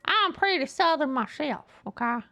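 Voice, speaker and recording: Very high, bright, gravelly woman. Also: lively intonation, moderate pace, faint music behind. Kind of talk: casual chat on a game stream.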